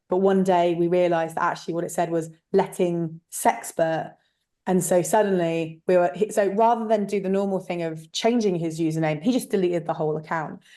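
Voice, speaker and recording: A frank, chatty woman with a slightly low voice speaks in a relaxed interview. She tells stories with plenty of fillers and asides. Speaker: guest, letting agent. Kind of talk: casual interview chat.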